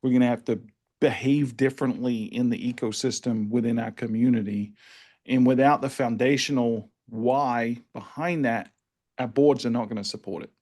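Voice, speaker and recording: A man's voice: medium pitch, normal speed. Chatty male podcast host. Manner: relaxed, chatty, with repeated restarts. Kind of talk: casual podcast conversation.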